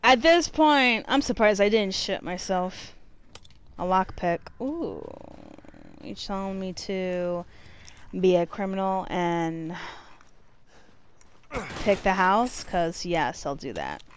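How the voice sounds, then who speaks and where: Swearing woman gamer with a lively voice. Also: medium pitch, slow, long pauses, slight background noise. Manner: profane, panicky, swings from screaming to muttering. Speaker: gamer playing a horror game. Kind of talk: let's play commentary.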